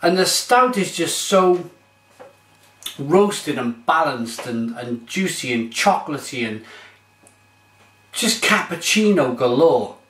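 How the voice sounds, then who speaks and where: A man's voice: a little high, expressive, slow pace, pauses often, a bit bright, echoey room. A man reviewing beer on his vlog, gushing and exclamatory as he describes it.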